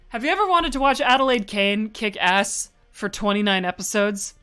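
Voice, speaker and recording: A woman's voice: medium pitch, expressive, normal speed, hardly any pauses, sharp tone, smooth, faint music behind. A woman giving a casual livestream presentation, rambling and enthusiastic, full of asides. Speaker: streamer presenting a fan slideshow.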